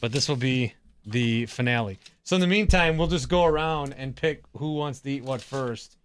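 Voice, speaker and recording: A man's voice: mid-range voice, normal speed, smooth. A man hosting a casual snack review with co-workers, introducing each item in an upbeat way. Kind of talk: casual chat.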